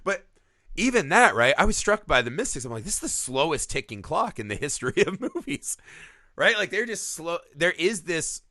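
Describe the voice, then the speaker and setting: A man talking film on a podcast in a loose, profane way, his pitch swinging widely as he acts out bits of dialogue. His voice is very bright and forward, and the recording is close and dry with no room sound. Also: moderate pace, no echo. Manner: animated, swears often, acts out characters' lines. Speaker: podcast co-host. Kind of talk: casual film discussion.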